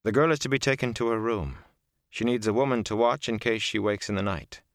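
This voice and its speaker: A man reading an audiobook, voicing a calm, commanding woman healer who speaks in a level, measured way. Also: on the low side, dry recording, clean studio sound, voice pushed up, natural voice. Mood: composed.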